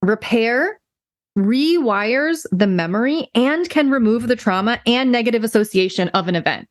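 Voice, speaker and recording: A woman's voice: a little high, normal speed, no room sound, clean studio sound. A woman co-hosting a podcast, chatting casually about a parenting book and acting out quoted lines as she retells stories. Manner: animated, quotes others in little voices. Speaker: podcast co-host. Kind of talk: casual book club discussion.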